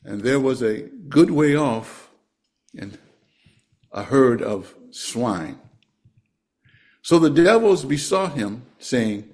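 A man preaching a sermon and reading scripture aloud, speaking slowly and deliberately and letting his voice fall at the end of phrases. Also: lively intonation, darkish tone. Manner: slow, deliberate, drops pitch at phrase ends.

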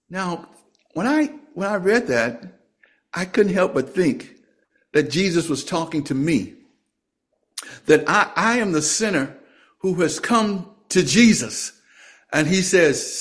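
A man delivering a sermon, reading scripture in a fairly high voice. He speaks slowly and deliberately and lets his pitch sink at the close of each phrase. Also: expressive. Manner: slow, deliberate, drops pitch at phrase ends. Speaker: preacher.

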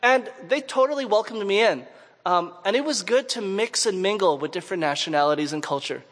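High-voiced preacher in a reverberant hall. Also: male voice, brisk. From Canada, Montreal. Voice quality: conversational, asks the audience questions. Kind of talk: sermon with personal storytelling.

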